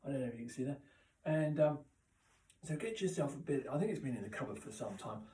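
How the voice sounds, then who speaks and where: A man's voice: medium pitch, expressive, mellow. Rambling man in a roomy room. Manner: rambling, halting, full of restarts and asides. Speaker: comic character host. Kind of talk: rambling deadpan comedy monologue. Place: chilly indoor room. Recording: roomy echo, mic at a distance.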